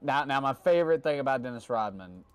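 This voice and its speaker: A man's voice: medium pitch, expressive, fast talker, clear, resonant tone, no room sound. A man hosting a trivia stream in casual, joking chat, telling stories and slipping into playful put-on accents. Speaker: trivia host.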